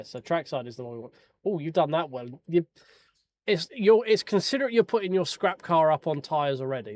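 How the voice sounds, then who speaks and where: Slightly high and a little mellow, this man's voice carries his laid-back sim racing livestream. He jokes and swears while chatting with viewers over race replays.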